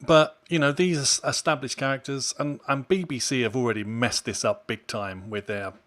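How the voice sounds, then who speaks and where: A man's voice: mid-range voice, fairly even intonation, normal speed, a bit bright. A man co-hosting a podcast, talking in an opinionated, emphatic way that builds to exasperated outbursts. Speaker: podcast co-host. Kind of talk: casual chat.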